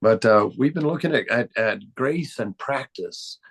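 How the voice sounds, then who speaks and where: A man with a Southern accent and a raspy voice from a chest cold, leading a spiritual study talk in a halting, repetitive way. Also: medium pitch, animated. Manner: halting, repeats words, chuckles often. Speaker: spiritual study group leader. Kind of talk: casual spiritual teaching talk.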